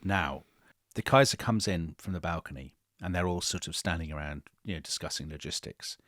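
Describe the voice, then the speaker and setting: A man co-hosting a history podcast, retelling events in a dramatic, animated way. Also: low-pitched, brisk, dry recording, studio quality. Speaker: podcast co-host. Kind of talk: storytelling history chat.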